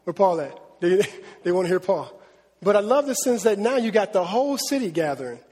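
High-voiced man preaching in a hall. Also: fairly quick, slightly rough. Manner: animated, conversational preaching with laughs and acted-out quotes. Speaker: pastor. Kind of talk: sermon.

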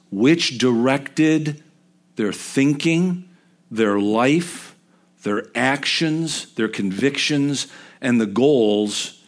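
Middle-aged man, preacher, mid-pitched voice, chatty sermon, emphatic bursts. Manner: emphatic, conversational with sudden rises.

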